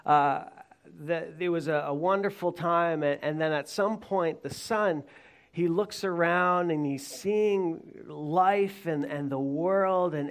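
Chatty pastor preaching, fairly high voice. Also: male voice. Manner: conversational, joking with the congregation. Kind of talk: sermon. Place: church.

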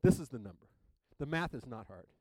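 A man's voice: medium pitch, animated, a little fast, dark tone, no room sound, poor audio. A man preaching a sermon as pastor, emphatic, reading hymn lyrics aloud and asking the congregation for amens.

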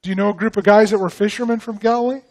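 A man's voice: high voice, steady tone, rapid-fire. Man preaching a conversational sermon. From northern United States. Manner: conversational, asks the congregation questions. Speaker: guest pastor.

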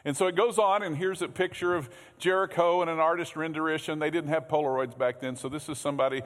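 A man's voice: fairly high pitch, steady tone, fast, fairly bright tone. A man preaching a sermon as pastor in a church, conversational, often repeating words and asking the congregation questions. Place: church sanctuary. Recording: long hall reverb.

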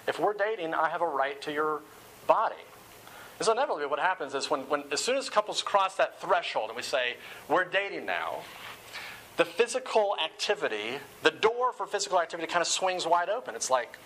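A man's voice: fairly high pitch, very animated, a little fast, a bit bright, a little hiss or hum, poor audio. A man giving a sermon-style talk, often repeating words as he starts phrases.

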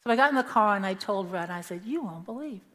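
A woman's voice: mid-range voice, fast talker, fairly bright tone. A woman giving an earnest church talk, telling personal stories about helping families and acting out the people in them. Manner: earnest storyteller who acts out the people in her stories. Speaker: church member giving a testimony. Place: church sanctuary. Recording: long church reverb.

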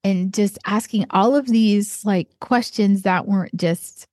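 A woman artist from southeastern Ohio talking casually and warmly about what inspires her, rambling with many fillers and restarts. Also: medium pitch, measured pace, no echo, clean studio sound. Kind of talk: casual personal monologue.

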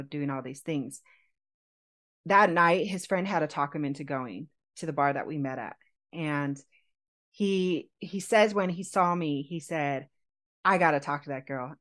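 A woman co-hosting a podcast, telling a personal story in an animated, chatty way with frequent laughter. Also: low-pitched. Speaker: podcast co-host telling her proposal story. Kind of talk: casual storytelling chat.

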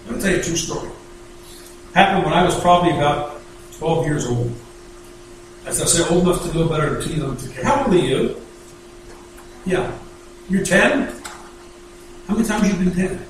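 A man from the United States preaching a sermon, with emphatic delivery and slow, deliberate scripture reading. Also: on the high side, background noise. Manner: emphatic preaching, reads scripture slowly in King James wording. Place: church sanctuary. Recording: echoey church hall, voice from far off.

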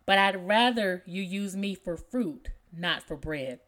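A woman's voice: on the low side, animated, unhurried, fairly bright tone. A woman voicing a picky carved wooden bowl in a read-aloud poem. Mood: fussy. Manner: picky, conditional.

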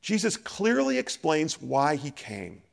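Animated, high-voiced preacher in a hall. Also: male voice, takes it slowly, vocal fry. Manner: animated, acts out scripture dialogue. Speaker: pastor. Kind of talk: sermon.

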